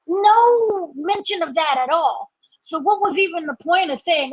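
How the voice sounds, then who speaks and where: A woman co-hosting a podcast, ranting in an animated, exasperated way about a TV episode and acting out mock quotes. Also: very high-pitched, unhurried, dry recording. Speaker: podcast co-host reviewing a TV episode. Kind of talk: casual ranting review. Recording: dry, slightly dull podcast audio.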